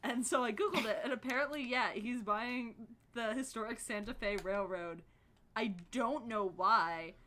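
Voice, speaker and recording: A woman's voice: a little high, moderate pace, bright, forceful tone. A woman co-hosting a livestream, rambling through casual asides with giggles and apologies. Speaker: co-host of a streamed gameplay talk.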